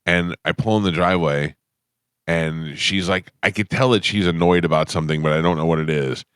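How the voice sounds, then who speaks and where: Deep-voiced man hosting morning radio. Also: a little fast, clean tone, no room sound, studio quality. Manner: storytelling, defensive, gets louder when retelling. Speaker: radio show host. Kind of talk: casual morning radio banter. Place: radio studio. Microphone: studio microphone.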